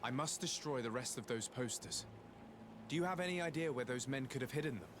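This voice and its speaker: An actor playing a composed, resolute noble envoy, speaking in a measured, formal way in video game dialogue. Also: male voice, medium pitch, animated, noisy background, lightly acted. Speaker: game protagonist. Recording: game audio with town ambience.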